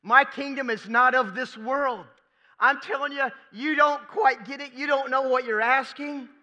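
A man's voice: very high-pitched, steady tone, measured pace, sharp tone, long reverb tail, muffled recording, pitched above the performer's own voice, full character voice. A man preaching, voicing an earnest male teacher who insistently corrects his followers, repeating himself.

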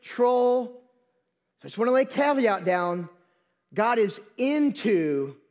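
At a live Sunday service, a pastor delivers his sermon in a high voice with a darkish tone. Through a handheld or stand mic, he can be heard repeating phrases for emphasis and restarting words.

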